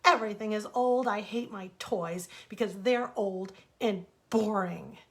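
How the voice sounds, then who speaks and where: A woman voicing a grumpy young male rabbit who whines and shouts in a bedtime storybook reading. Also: mid-range voice, unhurried, lightly acted. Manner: whiny, shouting.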